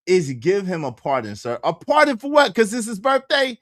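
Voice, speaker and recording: A man hosting a casual reaction livestream, loud and slangy, laughing often. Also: high voice, wildly swooping pitch, normal speed, few pauses, no room sound, studio quality. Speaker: livestream commentary host.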